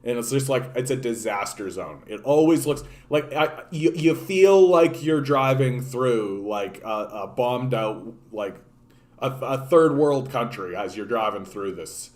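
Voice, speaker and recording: A man's voice: medium pitch, measured pace. A man from Canada hosting a political livestream, ranting casually with profanity and many restarts. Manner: profane, animated, repeats and restarts words.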